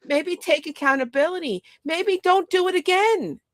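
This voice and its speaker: A woman's voice: very high voice, moderate pace, no room sound, studio quality. A middle-aged mother talking bluntly and casually, animating her points by acting out what other people say. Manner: blunt, animated, quotes others in acted voices. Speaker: mother and podcast host. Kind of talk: casual monologue.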